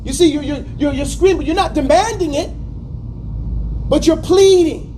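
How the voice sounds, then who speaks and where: A man teaching a class in a high-pitched voice. He speaks in an animated, stop-start way, drilling students with words to repeat. A faint hum runs in the background. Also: moderate pace. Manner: stammers and restarts often. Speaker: teacher of Quran exegesis class. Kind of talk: classroom lesson.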